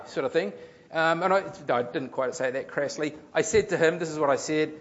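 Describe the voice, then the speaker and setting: A man's voice: fairly high pitch, a little fast, lo-fi sound. A man, a pastor telling a story in a sermon, in a chatty, rambling way with restarts and fillers.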